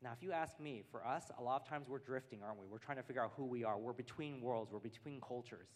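A man's voice: mid-range voice, fast. Earnest American man preaching in a reverberant hall. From United States. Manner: earnest, builds points through repeated phrases. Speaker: pastor. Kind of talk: sermon.

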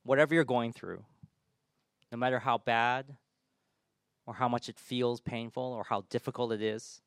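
A man preaching a sermon in church, his voice swelling loud on big points and dropping soft on gentle ones. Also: medium pitch, dry recording, clean studio sound.

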